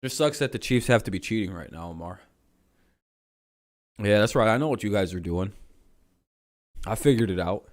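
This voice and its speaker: A man's voice: lowish voice, animated, moderate pace, pauses often. A young adult man hosting a live stream, chatting casually and reacting play by play with loose, profane jokes.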